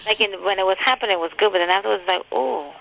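A woman's voice: medium pitch, fairly even intonation, very fast. A woman talking in a casual chat, chatty and a bit hesitant. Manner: chatty, hesitant, laughs easily. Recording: slightly dull lo-fi with faint noise.

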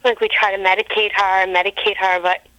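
A woman's voice: mid-range voice, level tone, brisk, pushed and bright, dry recording, low-quality recording. A woman who works in psychiatric care, chatting casually about her patients as a guest. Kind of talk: casual chat.

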